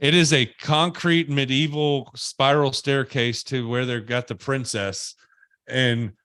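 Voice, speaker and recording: A man hosting a podcast, telling a story in an animated, exaggerated way and wrapping up the show casually. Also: mid-range voice, takes it slowly, clear, resonant tone, dry recording, studio quality. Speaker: podcast host.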